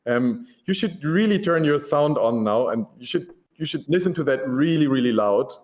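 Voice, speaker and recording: A man's voice: medium pitch, animated, normal speed, a little mellow. A man giving a casual, enthusiastic conference presentation, laid-back and full of ums.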